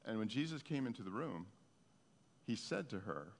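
A man's voice: fairly low pitch, sing-song, moderate pace. A man preaching a sermon, telling stories in an earnest, heartfelt way. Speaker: pastor. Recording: long reverb of a hall.

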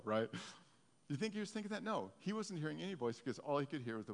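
A male pastor giving a conversational sermon, his intensity swinging from soft to loud. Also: on the high side, big pitch swings, rapid-fire, long reverb tail. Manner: conversational preaching, rising and falling in intensity.

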